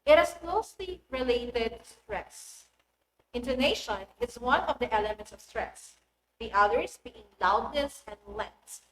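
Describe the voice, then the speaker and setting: A woman, a teacher giving a recorded English lesson in a clear, deliberate voice that stresses key words. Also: high-pitched. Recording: echoey room with faint noise.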